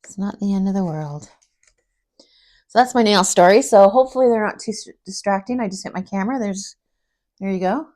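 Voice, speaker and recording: A middle-aged woman talks casually to her camera in a craft vlog, rambling from one everyday story to the next. Her voice sits a little low, and she fills her pauses with fillers. When she quotes other people, she turns lively. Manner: animated when quoting others. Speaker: craft vlogger.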